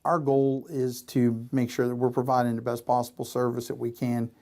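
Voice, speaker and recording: A man's voice: medium pitch, flat delivery, moderate pace, darkish tone. A man, a fire chief, giving cautious interview answers with restarts.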